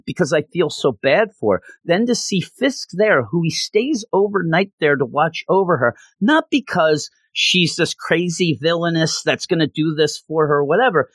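A man's voice: on the high side, expressive, normal speed, hardly any pauses, fairly bright tone, no echo. A man reviewing a comic book in a casual, rambling, passionate way, with lots of fillers.

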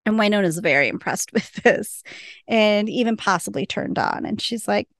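A woman's voice: mid-range voice, animated, moderate pace, no echo, clean studio sound. A woman hosting a podcast, casually recapping a TV episode, laughing often and acting out the lines. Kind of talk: casual chat.

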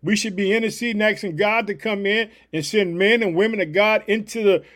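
A man's voice: high-pitched, steady tone, a little fast, a bit bright. A man preaching a devotional podcast sermon, fired up and emphatic, leaning on repeated catchphrases.

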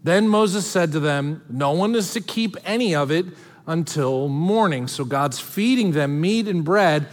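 A young man preaches in a lively, high voice that swings up and down as he talks. He reads scripture, then drops into easy, joking asides. His sermon rings out with a long reverb through a church hall. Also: measured pace. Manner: animated, conversational, jumps between scripture reading and joking asides. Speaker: pastor.

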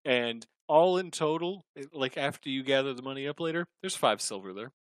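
A man's voice: mid-range voice, animated, a little fast, dry recording. A man running a tabletop game as game master, narrating scenes and calling for rolls, often trailing off and restarting.

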